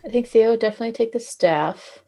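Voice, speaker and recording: A woman's voice: on the high side, fast, creaky, mellow. A woman talking casually as a player in a tabletop role-playing game, hesitant with fillers and swearing now and then. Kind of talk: tabletop role-play chat.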